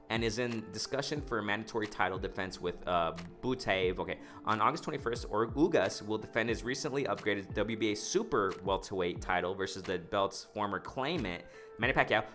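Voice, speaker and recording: A lowish-voiced man talks through the latest boxing news in a loose, slangy way. He keeps breaking off from the article to react, calling out to the viewers. Faint music plays underneath. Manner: excited, animated, talks to the viewers as "ladies and gentlemen"; slangy, full of fillers like "you know" and "man". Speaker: boxing commentary vlogger. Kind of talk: casual reaction commentary, reading a news article aloud.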